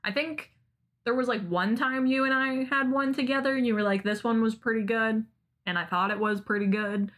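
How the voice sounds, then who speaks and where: A woman's voice: a little high, steady tone, moderate pace, a bit bright. A woman co-hosting a casual podcast, interviewing and teasing her friend with amusement. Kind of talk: casual chat.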